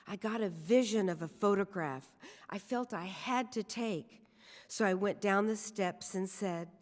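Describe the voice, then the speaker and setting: Woman sharing a personal story from the pulpit, slow careful telling, long church echo. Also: fairly low pitch. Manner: deliberate, reflective storytelling. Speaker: guest speaker at a church service. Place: church sanctuary. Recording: long reverb of a church hall.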